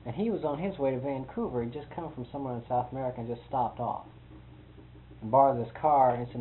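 Speaking fast in a mid-range voice, a man recounts a lengthy personal story, amused and rambling, with chuckles throughout. The audio is tinny, like a phone, and carries some hiss.

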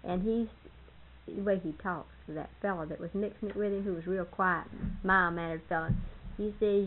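An older woman with a husky voice, reminiscing casually about family and laughing often as she tells stories. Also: fairly low pitch, steady tone, normal speed, narrow, tinny audio, a little hiss or hum. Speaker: storyteller in family history interview.

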